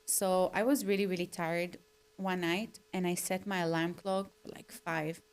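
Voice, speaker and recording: A woman chatting on a podcast, candid and self-deprecating, telling her stories in an animated way and acting out her own complaints. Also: lowish voice, moderate pace, clear, resonant tone. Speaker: podcast co-host. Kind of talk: casual podcast conversation.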